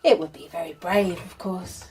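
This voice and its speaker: An actress playing a kindly, shrewd middle-aged mother who chats warmly and probes gently in a radio drama. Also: on the low side, steady tone, normal speed, breathy edge. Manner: warm, chatty, gently probing.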